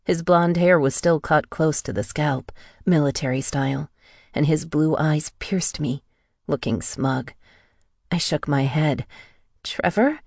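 Low-voiced woman narrating a tense thriller. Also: steady tone, unhurried, creaky, darkish tone, dry recording, clean studio sound. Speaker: audiobook narrator. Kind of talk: first-person thriller audiobook narration.

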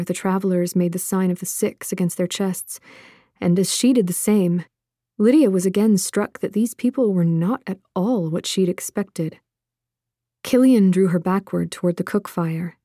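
A woman narrating an audiobook in a measured, expressive manner. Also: mid-range voice, no echo, studio quality.

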